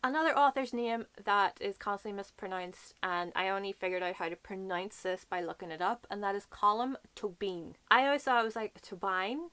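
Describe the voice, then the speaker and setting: A young woman with a Northern Irish accent in a casual book vlog, chatting and slowly spelling out how names are said. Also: medium pitch, a bit bright, clean tone, no room sound. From Northern Ireland. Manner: chatty, explaining slowly and repeating words. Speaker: book vlogger.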